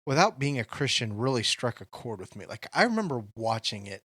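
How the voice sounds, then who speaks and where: A man's voice: medium pitch, big pitch swings, brisk, fairly bright tone, no echo, studio quality. A man co-hosting a podcast, speaking in an earnest, reflective way in casual discussion. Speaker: podcast co-host.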